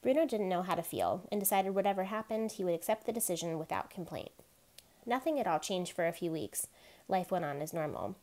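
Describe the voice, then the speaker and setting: A woman reads a novel aloud, chapter by chapter. Her narration is steady and even. Her voice sits a little low. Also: a little fast. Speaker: reader.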